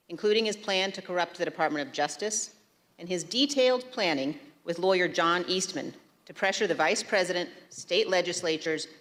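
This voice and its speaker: A woman on a committee giving a formal closing statement, measured, with some hesitant fillers. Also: fairly low pitch, fairly bright tone, long reverb tail. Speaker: committee member.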